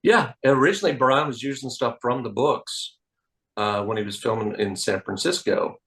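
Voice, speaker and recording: A man, a magician guest telling animated anecdotes on a podcast. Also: mid-range voice, normal speed, rough recording. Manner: animated anecdotes, acts out quoted voices. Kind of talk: casual interview storytelling. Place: podcast studio.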